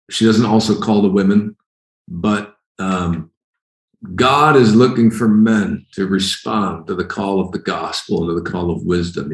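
A man with a lowish voice preaches a sermon, animated and fond of acting out the scenes he describes. The sound carries a noticeable room echo around him. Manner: animated, acts out scenes with sudden shouted lines.

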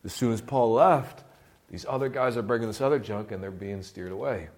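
A man's voice: lowish voice, a little fast, a little mellow. A man preaching a sermon in a conversational, impassioned way, rising into bursts of fervor.

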